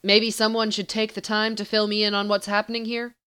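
A woman's voice: medium pitch, level tone, a little fast, fairly bright tone, clear, resonant tone, natural voice. A woman reading the part of an easygoing, helpful small-town male sheriff with a folksy manner in an audiobook. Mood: friendly.

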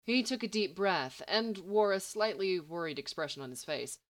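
A woman narrating a story in an expressive storytelling manner. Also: fairly low pitch, normal speed, hardly any pauses. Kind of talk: audiobook narration.

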